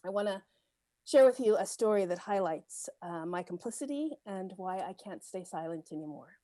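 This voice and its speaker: A middle-aged woman giving a personal testimony as a guest speaker at a synagogue service, earnest and measured, pausing often. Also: medium pitch, lively intonation, mellow, no echo. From United States. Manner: earnest, measured, with frequent pauses and fillers.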